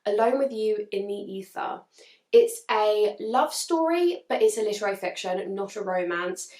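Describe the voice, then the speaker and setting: A woman chatting to camera about books she wants to read, gushing and hedging, a little hoarse as she is losing her voice. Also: mid-range voice, lively intonation, moderate pace, darkish tone, echoey room. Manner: chatty and gushing, with frequent hedges. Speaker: book vlogger. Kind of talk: casual chat to camera.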